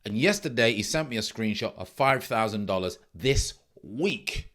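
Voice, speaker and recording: A man's voice: on the low side, expressive, normal speed, fairly bright tone. A middle-aged man, a trading mentor giving a blunt, emphatic casual monologue that repeats its key points.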